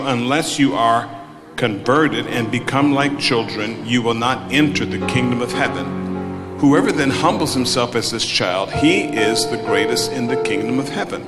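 A man preaching a sermon, moving from hushed quiet passages to loud, emphatic storytelling. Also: mid-range voice. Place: church hall. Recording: large hall reverb with music behind. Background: instrumental music.

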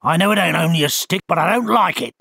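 A man voicing a grumpy, rough-spoken male owl who talks in a surly, common manner in a storybook reading. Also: a little high, fast, bright, forceful tone, dry recording, studio quality, exaggerated voice. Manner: surly, common speech, ungracious.

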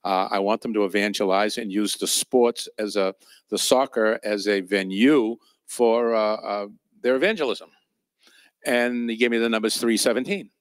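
A man's voice: lowish voice, normal speed, no echo, studio quality. A man teaching at a church training session, telling personal ministry stories in a conversational, anecdotal way with fillers and chuckles. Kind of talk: storytelling sermon.

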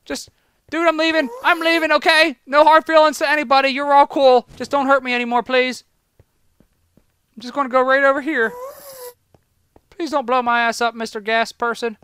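A high-pitched let's-play gamer with a bright, ringing tone, narrating their own play in an excited rush. They yell and swear at enemies, beg monsters to leave them alone, and flip into panic at every threat. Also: moderate pace, pauses often, a little hiss or hum. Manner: talks to the creatures in the game. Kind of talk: excited gameplay commentary.

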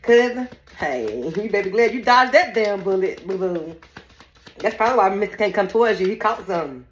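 A woman running a casual spiritual reading chats straight to her audience, breaking into laughter often and swearing freely. Her pitch swings widely as she talks. The voice rings in an echoey room. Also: expressive, fairly quick. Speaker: psychic reader.

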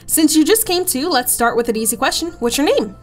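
A woman's voice: sits high, animated, brisk, soft background music. A woman reading the lines of a grumpy, blunt nurse in a game, speaking in a dry, curt way.

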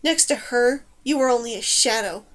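Snarling brown rats, defiant and loyal to a dark mistress, as a woman reader puts them on. The voice stays fairly high, with a loud, scornful push. This is storybook reading. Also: moderate pace, lightly acted.

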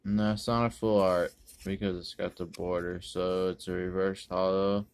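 A man rambling through a pack opening, correcting himself and using many ums and uhs, with sudden bursts of excitement. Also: low-pitched, normal speed, smooth. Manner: bursts of excitement over good pulls. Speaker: card-opening video host. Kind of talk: casual pack-opening commentary.

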